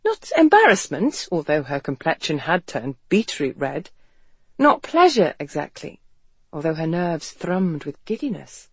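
An audiobook narrator giving an expressive, measured reading of a romance novel. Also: mid-range voice, breathy edge, no echo. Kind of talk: scripted narration.

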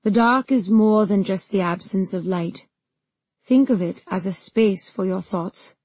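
A woman voicing a cold, mocking male ruler and mentor in an audiobook, speaking in a measured, condescending way. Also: medium pitch, a little mellow, husky, dry recording. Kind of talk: audiobook character reading.

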